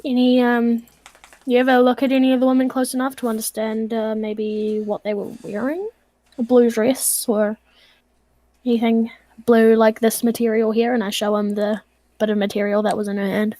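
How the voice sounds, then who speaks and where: A woman at a tabletop game who plays a detective in a measured, questioning way. Her voice sits fairly high, and the sound is close and dry. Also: flat delivery, mellow, no room sound. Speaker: player.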